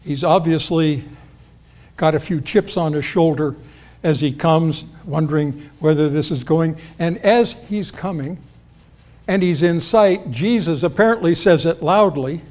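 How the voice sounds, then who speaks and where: With his pitch slightly raised, a preacher gives an expository sermon, speaking to the congregation in a conversational manner. When he quotes lines he acts them out in a lifted voice, and his delivery is a little slow and a little mellow.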